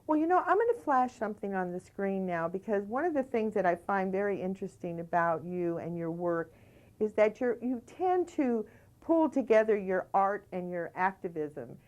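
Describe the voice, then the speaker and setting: In a community TV studio, a middle-aged woman from the United States converses with her guest, emphatic and peppering her talk with "you know." Her mid-range voice is expressive and a little mellow at a moderate pace, and the recording sounds muffled.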